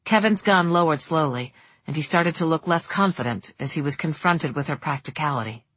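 A woman reading a novel aloud in steady audiobook narration. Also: sits low, fairly quick, no room sound.

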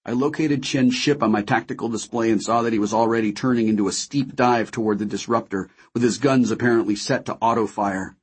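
A man narrating a first-person audiobook in a measured, dramatic way. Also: lowish voice, husky.

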